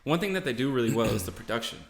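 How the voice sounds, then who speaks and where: A man hosting a podcast in casual chat, relaxed and slangy as he walks through music. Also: medium pitch, racing, creaky. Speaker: podcast host. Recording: echoey room.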